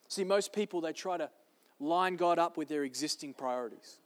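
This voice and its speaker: A man's voice: fairly high pitch, normal speed. A man preaching a sermon to a church service, emphatic and repeating his key phrases. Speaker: pastor. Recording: long reverb of a large hall.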